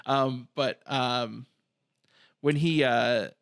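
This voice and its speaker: A man's voice: medium pitch, fairly even intonation, extremely slow, gravelly, fairly bright tone, no room sound, studio quality. A man co-hosting a horror podcast, talking casually about a film with many restarts and fillers. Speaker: podcast co-host.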